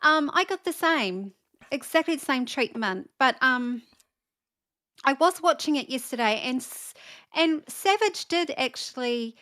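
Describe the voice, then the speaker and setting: A woman's voice: high-pitched, lively intonation, a little slow, bright, forceful tone. A woman co-hosting a casual online talk show, speaking hesitantly and often trailing off. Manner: hesitant, many fillers and restarts. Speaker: co-host. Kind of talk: casual chat.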